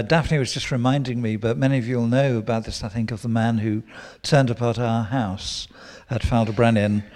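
A man preaching a sermon, teaching with lively quoted prayers and asides. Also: medium pitch. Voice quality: gravelly.

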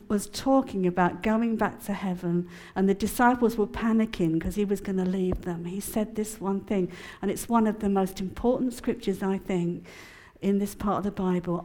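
Chatty woman sharing testimony. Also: mid-range voice. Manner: chatty and expressive, laughs often. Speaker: conference speaker. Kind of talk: personal testimony and teaching.

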